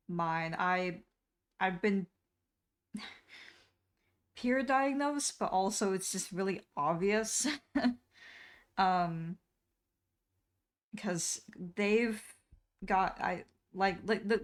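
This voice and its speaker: A young woman streamer chatting casually while she draws, rambling with lots of fillers and restarts. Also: on the low side. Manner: rambling, many fillers and restarts, laughs often.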